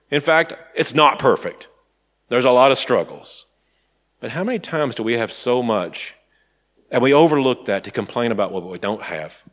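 Delivering a sermon, a Tennessee man preaches in a relaxed, storytelling manner. His pitch varies widely, and now and then he slips into quiet asides.

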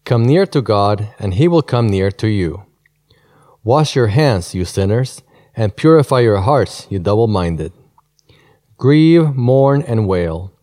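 A man reading a scripture passage aloud in a slow, solemn way. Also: lowish voice, lively intonation, dark tone. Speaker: scripture reader.

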